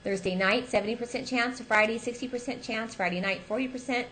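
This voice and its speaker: A woman's voice: fairly high pitch, fairly quick, bright, forceful tone, a little hiss or hum, rough recording. Chatty woman co-hosting local news. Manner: chatty, with fillers, teasing her co-host. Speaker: co-host reading local news and weather. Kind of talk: casual local news show.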